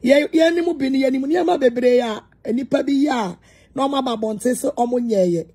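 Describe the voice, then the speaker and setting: A woman's voice: high voice, brisk, dark tone, breathy edge, faint music behind. A woman preacher with a Ghanaian accent gives a heated, confrontational address. She talks emphatically and repeats her points.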